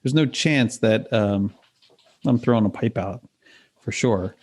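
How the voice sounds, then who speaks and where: A man's voice: fairly low pitch, a little slow, a little mellow. A man co-hosting a podcast in casual chat, with playful, teasing banter. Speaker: podcast co-host.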